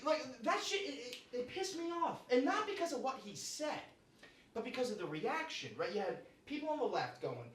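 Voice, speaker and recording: A man's voice: very high-pitched, very animated, brisk. A man performing a live stand-up set in a comedy club, brash and profane, tagging his lines with "right?" and "you know?". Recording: echoey club room from far off.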